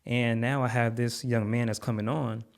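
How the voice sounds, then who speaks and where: A man's voice: medium pitch, level tone, normal speed, gravelly, clean tone. A man, a podcast guest and content creator, telling an earnest story in conversation, heartfelt, with repeated words and many fillers.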